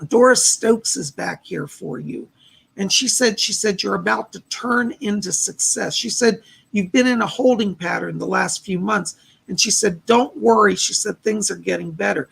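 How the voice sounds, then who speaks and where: A hoarse man hosts a livestream of psychic readings, his voice worn and husky with a gravelly fry. He reassures each viewer gently and relays spirit messages in a steady, patient way. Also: high-pitched. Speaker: psychic medium hosting a livestream. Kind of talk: live psychic readings answering chat.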